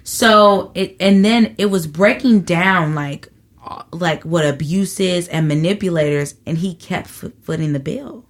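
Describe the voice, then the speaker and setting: Brief: low-pitched woman, comedian guest, animated and salty storyteller. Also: unhurried. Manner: animated storyteller, profane, acts out quotes. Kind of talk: casual interview chat.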